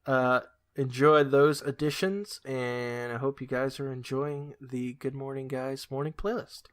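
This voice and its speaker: A man's voice: medium pitch, level tone, unhurried, no room sound, studio quality. A man co-hosting a casual podcast, talking hesitantly with fillers. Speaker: podcast co-host.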